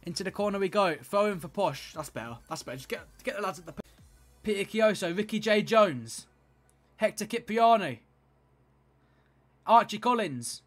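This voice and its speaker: A young man giving play-by-play commentary on his own football video game, swinging between low grumbling and shouted excitement. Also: moderate pace, long pauses, faint music behind. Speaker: gaming YouTuber playing football career mode.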